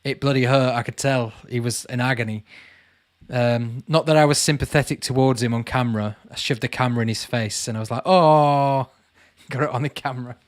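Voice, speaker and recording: A man's voice: mid-range voice, fairly even intonation, fairly quick, no room sound. Man, casual livestream host, chatty, dry close recording. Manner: chatty, calls viewers mate, reads comments aloud. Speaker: channel host answering live chat.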